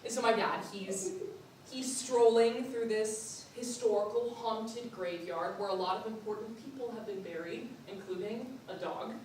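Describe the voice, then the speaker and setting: A young woman performs a spooky personal story as a theatrical monologue. Her delivery is playful and animated, with frequent laughter. The voice is distant from the mic and wrapped in heavy hall echo over faint ambience. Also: on the high side, normal speed, a little hiss or hum. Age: young adult. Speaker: student performer. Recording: echoey hall from far off.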